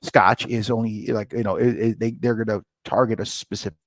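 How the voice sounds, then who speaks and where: A middle-aged man, a guest on a podcast, telling his story in a lively way and acting out the dialogue. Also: lowish voice, brisk. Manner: lively storyteller, acts out dialogue with rising excitement. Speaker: scotch company founder, guest. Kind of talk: animated storytelling interview.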